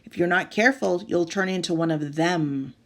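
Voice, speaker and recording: A woman's voice: on the low side, moderate pace, natural voice. Woman doing a stern proud grandmother. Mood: scolding.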